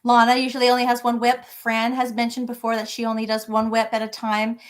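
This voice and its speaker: A woman's voice: a little high, completely flat delivery, brisk. A middle-aged woman hosting a crochet live stream from her home office, chatting casually and greeting viewers by name.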